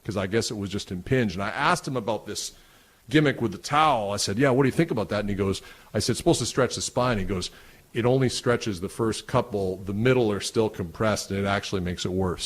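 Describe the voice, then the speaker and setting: A middle-aged man from Canada telling a story casually, laughing often and getting animated as it goes. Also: lowish voice, fast. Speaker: guest, wrestling announcer.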